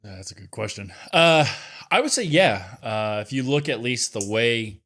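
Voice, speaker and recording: A man co-hosts a casual podcast, speaking at a middling pitch for a man. He talks in a relaxed way and softens his opinions with fillers and hedges. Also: moderate pace. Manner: easygoing, hedging with fillers. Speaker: podcast co-host.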